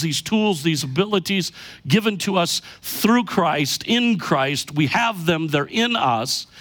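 Pastor, middle-aged man, high-pitched, emphatic sermon delivery. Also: fairly bright tone. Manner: emphatic preaching, slows down for key lines.

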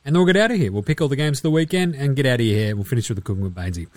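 A man's voice: medium pitch, racing, hardly any pauses, dry recording, studio quality. An Australian man in his thirties hosting a casual sports podcast, chatty and swearing a lot as he acts out quotes. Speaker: podcast host.

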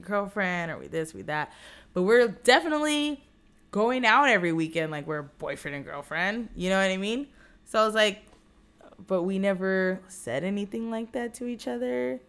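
A woman's voice: fairly low pitch, a bit bright, clear, resonant tone. A young woman chatting casually on a podcast, candid and profane, telling a dating story with many fillers. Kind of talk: casual chat.

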